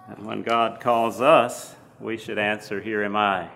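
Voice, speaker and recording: A man preaching a sermon, teaching slowly from the Bible with frequent fillers and restarts. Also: fairly low pitch, vocal fry, fairly bright tone.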